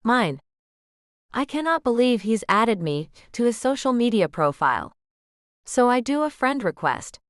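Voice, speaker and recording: A woman narrating a romance audiobook in the first person, musing in an expressive, questioning way. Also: fairly high pitch, unhurried, no room sound, studio quality.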